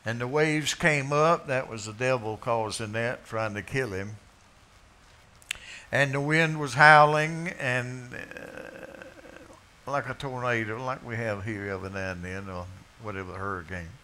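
Fiery preacher, bright voice. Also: male voice, on the low side, steady tone, normal speed, few pauses. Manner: dramatic swings from quiet to shouted quotes. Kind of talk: sermon. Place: bar.

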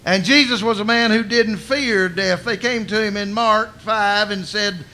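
A male preacher delivering a sermon like a told story, folksy and full of colloquial asides. His voice is bright and ringing and sits fairly high for a man. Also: a little slow, few pauses.

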